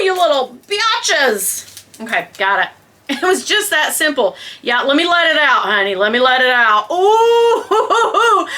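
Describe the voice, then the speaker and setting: Gushing, bright-voiced middle-aged woman. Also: sits high. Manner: gushing and excitable, talks to viewers as "girl", squeals and laughs; drops into whispered asides. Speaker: vlogger. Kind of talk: casual unboxing chat.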